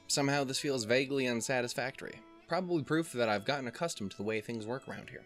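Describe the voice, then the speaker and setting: A man's voice: mid-range voice, quick pace, hardly any pauses, faint music behind. A man playing a visual novel on his channel, reading the text aloud between profane, self-deprecating, rambling asides. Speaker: let's player. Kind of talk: casual game commentary, reading text aloud.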